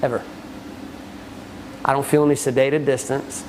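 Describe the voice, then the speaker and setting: A man's voice: normal speed, noisy background. A man coaching a men's group in blunt, profane talk, often acting out what people say. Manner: swears often, shifts into acted quotes, lively pitch.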